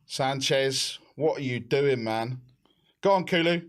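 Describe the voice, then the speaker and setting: A young man hosting a live football watch-along, excitable and shouting encouragement. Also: mid-range voice, slow pace.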